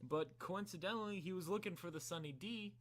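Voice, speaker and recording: Young man, podcast co-host, casual chat, rambling, bright tone, slightly high voice. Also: a little fast. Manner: rambling storyteller, heavy on "like" fillers.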